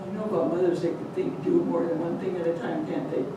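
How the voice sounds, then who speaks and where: An older woman telling a folk tale aloud to an audience, animated and chatty, slipping in Spanish words. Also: on the low side, quick pace. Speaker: storyteller. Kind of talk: lively live storytelling. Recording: echoey hall, distant mic, noisy.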